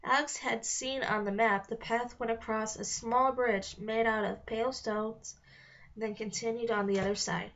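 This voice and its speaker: A woman's voice: a little high, steady tone, moderate pace, fairly bright tone, muffled recording. A woman reading a children's novel aloud, with small slips and restarts as she goes. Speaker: reader. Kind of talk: read-along of a children's novel.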